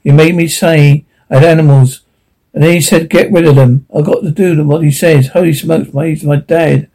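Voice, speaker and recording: A man voicing an anxious, defensive young boy who stammers and rushes his words in a read-aloud story. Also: a little high, fairly even intonation, mellow, rough recording. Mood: worried.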